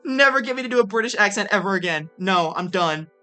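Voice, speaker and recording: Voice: medium pitch, lively intonation, fast talker, pushed and bright, clean tone, soft background music. A streamer giving casual, joking commentary during a game, swearing freely and mocking themself.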